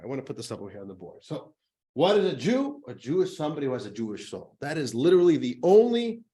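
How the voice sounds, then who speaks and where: A man who is a rabbi teaching a class, telling a joke in a lively, conversational way before explaining a lesson. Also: fairly high pitch.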